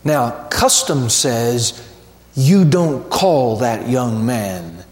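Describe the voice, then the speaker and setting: A man preaching a sermon as pastor, slow and emphatic, building to ringing repeated refrains. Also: medium pitch, expressive, a little mellow, reverberant, long reverb tail.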